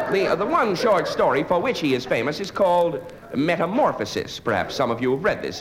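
A man doing a live stand-up routine, with a dry, wry delivery broken by hesitant fillers. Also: on the high side. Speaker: stand-up comedian. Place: stage before a live audience. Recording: noisy live stage recording.

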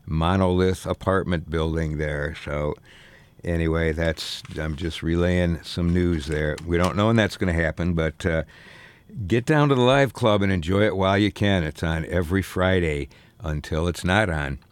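Deep-voiced older male radio DJ. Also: normal speed, clean tone, dry recording. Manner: rambling, many filler ums and restarts. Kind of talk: laid-back radio music show patter. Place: radio studio.

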